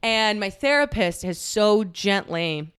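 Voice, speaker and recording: A woman's voice: mid-range voice, lively intonation, slow pace, a bit bright, clear, resonant tone. A woman in her twenties telling a personal story to the camera in a loose, candid way. She swears freely, laughs often and fills her talk with "like" and acted-out quotes. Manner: chatty, many fillers and acted quotes.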